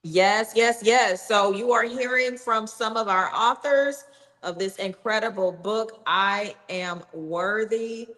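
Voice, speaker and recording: A woman's voice: mid-range voice, slow, a bit bright, long reverb tail, rough recording. A woman hosting a live online book promotion, upbeat and encouraging as she urges viewers to buy. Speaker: livestream host.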